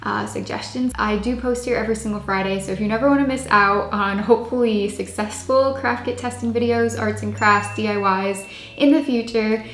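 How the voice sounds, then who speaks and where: A woman's voice: steady tone, a little fast. Dry-voiced young woman vlogger. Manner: dry, low-key delivery with little pitch range. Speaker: craft channel host. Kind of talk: casual product-testing vlog. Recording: echoey room with faint hiss.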